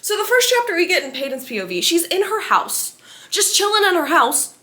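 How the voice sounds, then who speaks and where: A young woman talking through a book's plot in a casual spoiler review. She is animated, laughs often and reacts with big exaggerated disbelief. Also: sits high, a little fast, soft background music. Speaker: book vlogger.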